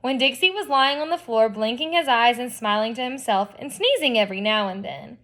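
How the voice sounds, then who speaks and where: A woman's voice: fairly high pitch, expressive, a little fast, fairly bright tone. A woman reading a children's novel aloud expressively, with chatty asides to her listeners. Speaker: reader.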